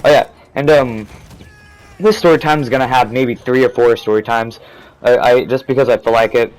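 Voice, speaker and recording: A young male vlogger tells a storytime as an angry, rambling rant, swearing constantly and restarting his sentences. His voice is medium in pitch at a moderate pace, and the recording is rough.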